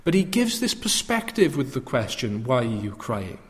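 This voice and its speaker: A man's voice: mid-range voice, very animated, normal speed, in a large hall. A male preacher giving an earnest sermon that rises to fervent proclamation.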